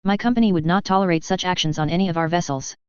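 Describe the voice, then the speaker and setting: A woman's voice: on the low side, quick pace, clear, resonant tone, no echo, lo-fi sound, lightly acted. A woman reading the lines of a defensive, indignant older male company spokesman.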